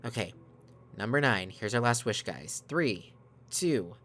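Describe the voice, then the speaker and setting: A man's voice: lowish voice, expressive, a little slow, a bit bright. A man hosting a let's play, chatting casually to his viewers on a desk microphone. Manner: chatty, addresses viewers as guys. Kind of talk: casual gaming commentary.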